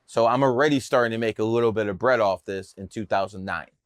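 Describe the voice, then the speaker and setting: A man's voice: lowish voice, fast, no echo. A man telling stories in a casual interview, brash, boastful and profane. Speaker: podcast guest telling his story.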